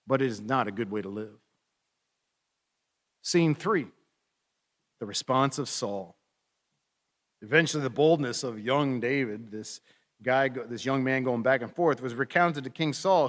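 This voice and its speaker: A middle-aged man preaching a sermon as pastor, in a conversational, animated storytelling manner with playful asides. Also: mid-range voice.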